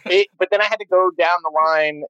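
A man co-hosting a podcast, telling stories in casual chat, animated and swearing freely. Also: high voice, brisk, clean tone, no room sound, muffled recording. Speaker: podcast co-host.

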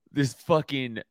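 A man hosting a podcast, telling a story in casual chat, animated, swearing and laughing often. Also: mid-range voice, no room sound. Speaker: podcast host.

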